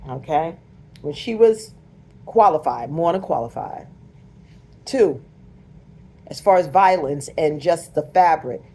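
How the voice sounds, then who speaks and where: An American woman delivers casual commentary to her viewers with a preachy, emphatic edge. Her voice is lowish and dark, with a slight roughness to it.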